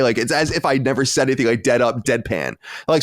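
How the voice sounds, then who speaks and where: A man in his late thirties, a podcast co-host, telling an animated story with exasperated asides in casual chat. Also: medium pitch, fast talker, few pauses, no room sound, clean studio sound. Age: 30s.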